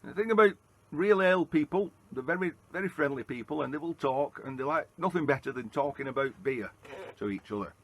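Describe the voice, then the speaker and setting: A man's voice: a little high, lively intonation, fairly quick, husky. A man from Lancashire with a Lancashire accent, telling a rambling travel-vlog story on a town street and in a pub, with plenty of "uh"s along the way. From Lancashire, England. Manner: chatty, rambling storyteller with frequent "uh"s. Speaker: travel vlogger. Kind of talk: casual walking vlog narration. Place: outdoors on a town street, then inside a pub.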